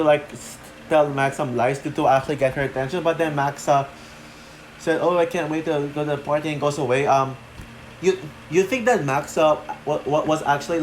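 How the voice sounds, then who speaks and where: A man talking through a show review off the cuff, halting with many fillers and restarts, short of breath. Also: fairly high pitch, slight background noise. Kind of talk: unscripted review talk.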